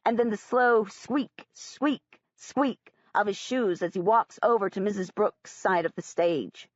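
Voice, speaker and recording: A woman's voice: medium pitch, no room sound. A woman reading a first-person audiobook in a plain, earnest storytelling manner. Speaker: audiobook narrator. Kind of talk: first-person scripted narration. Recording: dry, slightly dull audiobook recording.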